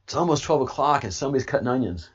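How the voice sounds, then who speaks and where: An American man hosting his channel in a casual, rambling livestream monologue, excitable and swinging from low mutters to loud outbursts. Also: rapid-fire, husky, highs cut off. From United States. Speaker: channel host.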